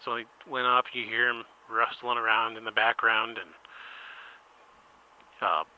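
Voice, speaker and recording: A man hosting a paranormal podcast, telling an improvised comedic phone-call story and acting out both sides with bursts of shouted swearing. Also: mid-range voice, little pitch movement, a little slow, clear, resonant tone. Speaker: podcast host.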